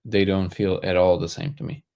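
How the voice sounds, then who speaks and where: A man hosting a casual livestream, answering viewer comments in a relaxed, joking way and thinking aloud as he goes. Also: deep voice, fairly quick, gravelly. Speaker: livestream host.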